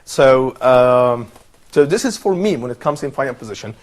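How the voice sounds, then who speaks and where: A man's voice: mid-range voice, expressive, normal speed. A man teaching an online Arabic lesson, patient and encouraging, repeating words and praising his students.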